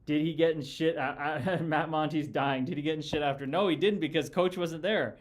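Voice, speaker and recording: A man's voice: on the high side, steady tone, fairly quick. A man hosting a casual live chat, telling rambling, profane stories about his pro hockey days with lots of fillers and restarts. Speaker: podcast host and former pro hockey player. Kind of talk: casual livestream chat with viewers.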